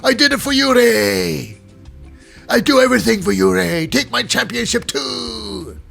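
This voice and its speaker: A man's voice: very high-pitched, lively intonation, measured pace, vocal fry, fairly bright tone, faint music behind, voice pushed up, exaggerated voice. A man putting on a melodramatic, pleading voice for a wrestler who sacrificed himself for his partner. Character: wailing wrestler, loyal to a fault.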